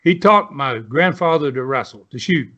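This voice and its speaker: A man's voice: fairly high pitch, animated, normal speed, sharp tone, highs cut off. A man in his seventies, a guest telling old stories in a rambling way, full of fillers. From Southern United States. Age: 70s. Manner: rambling storyteller with many fillers. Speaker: guest, retired pro wrestler. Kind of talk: storytelling interview.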